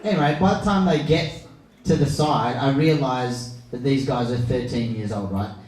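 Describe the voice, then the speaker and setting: A man's voice: medium pitch, normal speed, a little mellow, distant mic. A young man hosting a comedy night as MC, brash and teasing the crowd, swearing freely. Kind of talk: stand-up crowd work. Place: pub function room on stage. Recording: echoey room, mic from afar, crowd.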